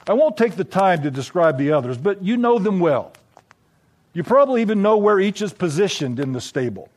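A man narrating a scripted story in a reflective, measured, gently wry way. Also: high voice, sing-song.

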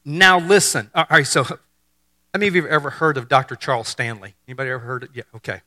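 A man's voice: medium pitch, rapid-fire, sharp tone. A man, preaching a sermon in a conversational way and joking with the congregation. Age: 50s. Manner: conversational, repeats words on restarts, jokes with the congregation. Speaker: pastor.

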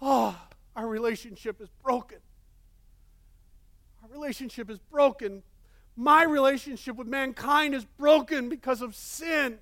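A man's voice: extremely high pitch, a little slow, fairly bright tone, dry recording, studio quality, voice pushed up, exaggerated voice. A man voicing God calling out for the lost man in anguish during a sermon. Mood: lamenting. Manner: crying out, pleading.

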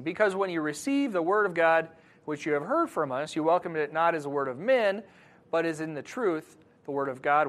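A man preaching a sermon to his congregation, moving between quiet scripture reading and loud, animated emphasis. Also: sits high. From Wisconsin, USA. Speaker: pastor.

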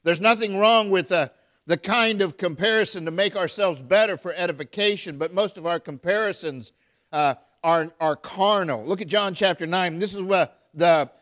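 A man's voice: sits high, fairly bright tone. A man preaching a sermon, reading scripture aloud and calling out to his congregation. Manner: emphatic, calls out to the congregation; reads scripture aloud in King James wording.

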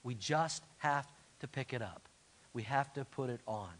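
A middle-aged man preaching a sermon as pastor, animated and asking the congregation to answer back. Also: medium pitch, normal speed. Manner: animated, call-and-response with congregation.

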